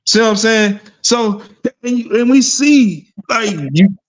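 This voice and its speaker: Brief: high-pitched male sports streamer, blunt and profane, rambling casual rant. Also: measured pace. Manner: rhetorical "see what I'm saying?" asides. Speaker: sports talk host. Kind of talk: casual sports talk livestream.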